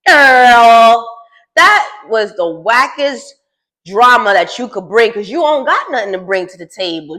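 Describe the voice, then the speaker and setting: Sassy, animated woman dishing gossip. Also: on the high side, unhurried. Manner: sassy, teasing, talks straight to the cast. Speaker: reality TV recap host. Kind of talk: casual gossip recap.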